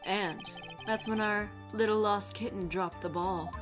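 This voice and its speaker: A woman's voice: mid-range voice, steady tone, unhurried, over music, close to an everyday voice. A woman reading as Godot, a cool cryptic male prosecutor.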